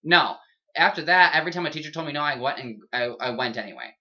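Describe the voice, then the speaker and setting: A woman's voice: deep voice, expressive, quick pace, muffled recording. A woman co-hosting a podcast, telling stories in loose, crude casual chat and acting out the voices of the people in them. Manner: loud storytelling, acts out voices, swears freely. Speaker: podcast co-host.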